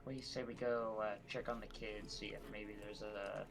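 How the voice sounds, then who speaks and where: A man's voice: fairly low pitch, fairly even intonation, moderate pace, creaky. A man playing in a tabletop game, musing and asking questions in casual chat. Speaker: player.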